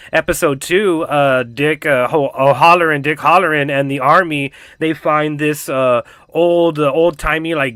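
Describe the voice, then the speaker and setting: A man casually recapping a TV episode for his channel, telling it in a profane, animated way with lots of fillers. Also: fairly high pitch, dry recording. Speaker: reaction channel host.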